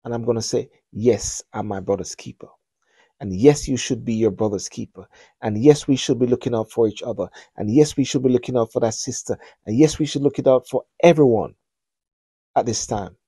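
A middle-aged man talks to camera as a show host, pressing his point with earnest, repeated appeals. His voice is mellow and a little husky. The sound is dry and close. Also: medium pitch, brisk, no echo. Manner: earnest, repetitive, preacher-like appeals. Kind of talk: spoken commentary.

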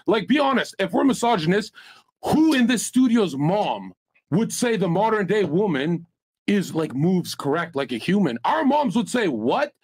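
A man with a husky, fairly high voice holds the floor on a podcast panel. He talks in a profane, boastful, rambling way, spinning a story and arguing hard. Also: very animated, moderate pace. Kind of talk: heated panel banter and storytelling.

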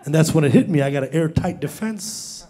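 A young man performing an animated stand-up comedy routine on stage, acting out voices as he tells a story. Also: a little high, a little fast, slightly rough. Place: stage before a live audience.

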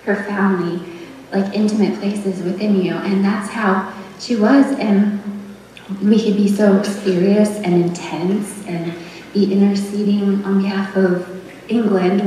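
A young woman giving a tender, rambling memorial tribute, laughing softly between her thoughts. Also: mid-range voice, a little hiss or hum. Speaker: daughter giving a eulogy. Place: memorial service hall. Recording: echoey hall, heard from far off.

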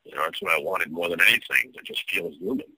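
A man's voice: low-pitched, sing-song, quick pace, gravelly, pushed and bright, slightly rough, low-quality recording. A middle-aged man telling an emotional personal account of mistreatment at work, tense and distressed, acting out the quoted dialogue. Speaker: guest telling his story.

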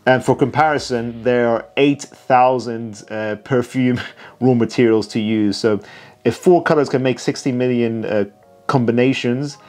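A man's voice: mid-range voice, steady tone, unhurried, a little mellow. A man chats through a perfume video as a reviewer, tired but enthusiastic. He talks in a loose, self-mocking way, full of asides. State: tired late at night. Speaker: perfume reviewer reacting to a documentary. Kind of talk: casual reaction commentary.

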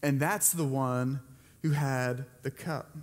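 A male pastor with a mid-range, steady voice preaches slowly to his congregation in a large hall. He retells a Bible story conversationally and puts questions to the people listening.

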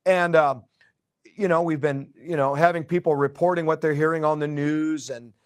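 A man's voice: fairly high pitch, steady tone, moderate pace, clear, resonant tone, no echo, studio quality. A man preaching a prophetic sermon in a conversational way, with fillers, repeated words and joking asides. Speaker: pastor.

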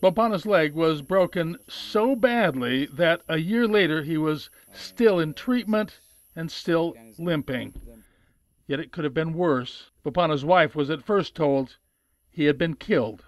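A man narrating a documentary as reporter, measured and explanatory, sometimes asking questions on location. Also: fairly high pitch, lively intonation. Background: music.

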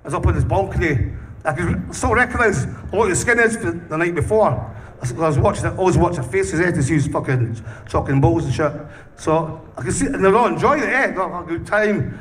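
A foul-mouthed man in his interview chair, spinning wild tales in a high, rough voice. He laughs through his stories and swears in almost every breath. The mic sits a way off, with a faint hiss behind him. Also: lively intonation, fast, fairly bright tone. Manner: profane, laughing often, swearing constantly. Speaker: punk band singer. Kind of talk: casual interview storytelling. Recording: distant mic with faint background noise.

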